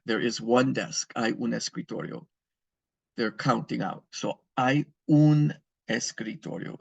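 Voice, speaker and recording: Gravelly-voiced man teaching a lesson. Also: mid-range voice, no room sound. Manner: patient, repeats and spells words out for learners. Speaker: Spanish teacher. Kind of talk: recorded classroom lesson.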